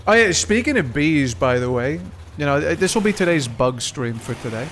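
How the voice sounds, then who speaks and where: A man's voice: on the high side, expressive, normal speed, a bit bright, a little hiss or hum. A young man chatting casually on a live stream, rambling, swearing and laughing often.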